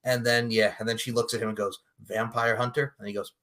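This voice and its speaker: A man co-hosting a casual pop culture podcast, recapping a movie in a profane, animated way, laughing often and acting out the characters' lines. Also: fairly low pitch, rapid-fire. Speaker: podcast co-host.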